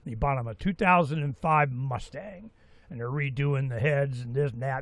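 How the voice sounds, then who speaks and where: A man in his sixties giving a rambling, folksy talk-radio monologue as host, with animated asides. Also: medium pitch, normal speed, creaky, no echo. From Florida, USA. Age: 60s.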